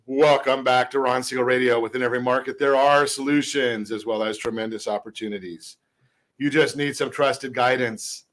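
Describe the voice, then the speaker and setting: A man hosting a casual radio talk show on homes and mortgages, chatty and a little halting, with dry asides. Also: mid-range voice, fairly even intonation, fairly bright tone. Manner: chatty, stumbles over words, drops dry jokes. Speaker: radio host and mortgage expert.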